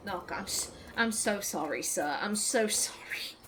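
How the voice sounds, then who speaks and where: A woman's voice: mid-range voice, lively intonation, normal speed, fairly bright tone, a little hiss or hum. A woman giving casual, chatty gameplay commentary as a let's play host, politely apologizing to game characters.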